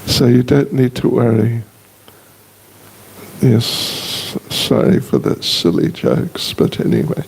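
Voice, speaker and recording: Slow gravelly older man joking with a congregation. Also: medium pitch, very animated, a little mellow, a little hiss or hum. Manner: slow, teasing, self-deprecating humor. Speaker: guest speaker, monk. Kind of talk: casual joking address to a congregation.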